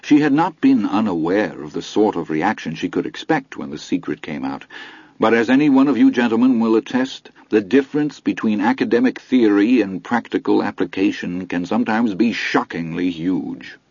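A man narrating an audiobook in a measured, formal storytelling manner. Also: fairly low pitch, animated, a little mellow, slightly rough, dry recording, lo-fi sound.

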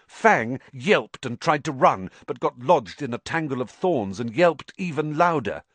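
A man reading a story aloud as an audiobook narrator in an expressive, dramatic way. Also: mid-range voice, measured pace, dry recording.

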